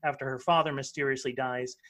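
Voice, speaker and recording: A man's voice: medium pitch, fairly even intonation, brisk, a bit bright. A male author and podcaster chatting casually in an interview, rambling with many fillers and restarts.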